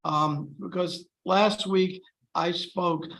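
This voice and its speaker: A man leading a scripture class in a relaxed, chatty way, with dry sarcastic humor. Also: a little high, vocal fry, low-quality recording. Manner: joking, dryly sarcastic; relaxed, chatty with pauses and fillers. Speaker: class speaker.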